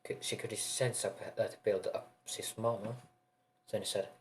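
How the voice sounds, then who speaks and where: A man's voice: on the low side, flat delivery, slight background noise, poor audio. Rambling man telling a fan story. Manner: rambling, halting, with many restarts. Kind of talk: improvised fan-fiction narration.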